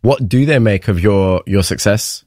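A man interviewing guests, asking gentle, probing questions. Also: on the low side, a little slow, dry recording, clean studio sound.

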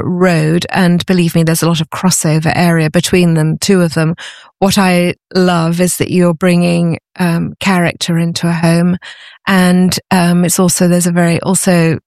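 Woman with a gravelly, dry voice. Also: lowish voice, level tone, moderate pace, darkish tone, dry recording. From Britain. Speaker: podcast guest, antiques business owner. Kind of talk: conversational interview.

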